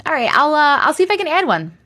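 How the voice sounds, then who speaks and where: A woman with a Long Island accent, chatting casually on a livestream and reading viewer comments, talking in a chatty, animated way full of giggles. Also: high-pitched, fast talker. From Long Island, New York. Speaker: livestream host.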